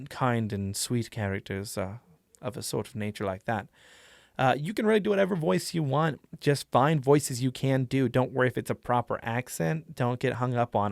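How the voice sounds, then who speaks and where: A man's voice: mid-range voice, moderate pace, gravelly, dry recording. A man giving a casual tutorial on tabletop role-play voices, chatty and rambling with many fillers. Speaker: tabletop game teacher.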